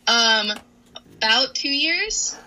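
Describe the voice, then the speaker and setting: A woman's voice: high voice, animated, slow, bright, forceful tone, low-quality recording. A young woman, a wrestler, chatting casually in an interview, giggling often and filling with "like" and "um". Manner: giggly, chatty, lots of fillers.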